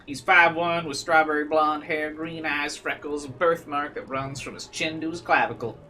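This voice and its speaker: A man voicing a frantic parent pleading for help, in a high urgent voice. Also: fairly even intonation, moderate pace, sharp tone, a little hiss or hum. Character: frantic parent pleading about missing son.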